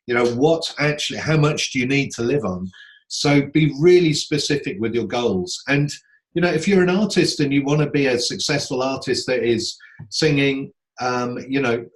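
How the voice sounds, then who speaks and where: A man's voice: mid-range voice, low-quality recording. A man hosting a songwriting Q&A on a video call, explaining in an earnest, casual way with everyday examples. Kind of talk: casual coaching talk.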